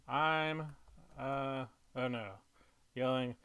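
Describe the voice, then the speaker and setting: Guy thinking out loud while writing jokes, slow and halting, smooth clear voice, goofy bits here and there. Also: medium pitch. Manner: slow, halting, muttering to himself with fillers; playful, slipping into silly voices for jokes. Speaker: comedy writer.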